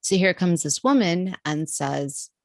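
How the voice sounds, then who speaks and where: A woman, a podcast guest, telling a personal story in a vivid, animated way. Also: on the low side, measured pace, no room sound, studio quality. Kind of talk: storytelling in an interview.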